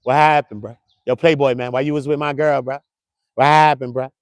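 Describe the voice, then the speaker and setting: A man's voice: medium pitch, steady tone, fairly quick, no room sound, clean studio sound, close to an everyday voice. A man voicing an angry male celebrity who confronts a rival in pushy street talk. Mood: confrontational.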